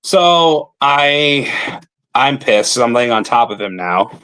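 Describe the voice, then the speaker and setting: A man's voice: mid-range voice, lively intonation, takes it slowly, bright, forceful tone, clear, resonant tone, no room sound. Blunt, profane man telling a story. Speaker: pro wrestler guest. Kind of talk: casual storytelling.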